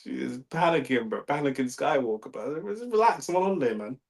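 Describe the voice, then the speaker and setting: A young man from London, England hosts a live fight watch-along, chatting casually in slang. He's laid-back, swears, and reads the chat aloud. His mid-range voice is expressive and brisk with vocal fry, over a low-quality recording.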